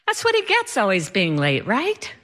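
A woman's voice: medium pitch, wildly swooping pitch, moderate pace, a bit bright. A woman telling a personal story in a wry, self-mocking way.

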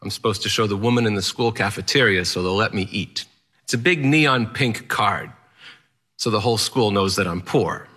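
A man's voice: on the low side, normal speed, pushed and bright, slightly rough. A man telling a personal story to an audience in a vivid, dramatic way.

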